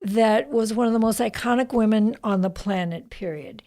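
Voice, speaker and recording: A woman guest in a casual podcast interview, her voice gravelly and set a bit high. She speaks emphatically with a spiritual bent and hammers her points home. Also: normal speed, dark tone.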